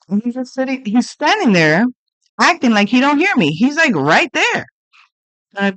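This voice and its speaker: A woman's voice: mid-range voice, normal speed, no room sound. A middle-aged woman telling a personal story in a casual monologue, blunt and profane, acting out the exchanges as she goes. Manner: blunt, profane, animated retelling.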